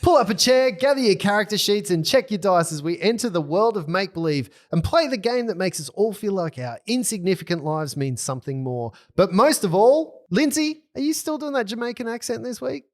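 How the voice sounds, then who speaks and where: High-voiced theatrical male podcast host. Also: expressive, fairly quick, few pauses. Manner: theatrical, jokey, sing-song delivery. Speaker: podcast host and game master. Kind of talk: playful scripted podcast intro then casual chat.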